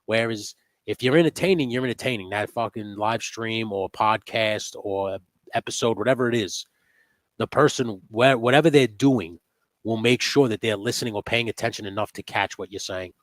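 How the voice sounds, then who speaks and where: A man's voice: lowish voice, moderate pace, dry recording. A man in casual chat as a guest, laid-back and profane, laughing often. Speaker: podcast guest.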